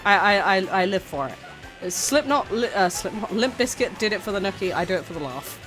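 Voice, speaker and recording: A woman's voice: mid-range voice, lively intonation, normal speed. A woman streamer chatting casually, rambling and giggling, with frequent stammering restarts. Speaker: VTuber streamer. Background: faint background music.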